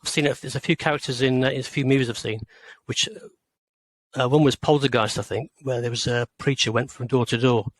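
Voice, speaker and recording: A man in his sixties from rural England, a guest author on an interview show. He speaks at a mid pitch and picks his words slowly, with many pauses and restarts. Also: steady tone, no echo, rough recording. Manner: hesitant, many fillers and restarts.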